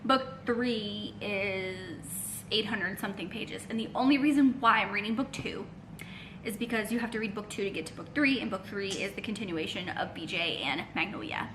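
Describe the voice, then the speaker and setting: A young woman, chatting casually in a reading vlog, animated and rambling, swearing often. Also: on the high side, background noise. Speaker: book vlogger.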